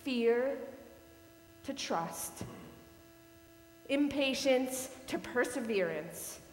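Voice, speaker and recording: Slow-preaching woman pastor in a hall. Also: high-pitched, expressive. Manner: slow, measured storytelling. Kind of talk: sermon. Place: church sanctuary. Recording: echoey hall with long reverb and faint hum.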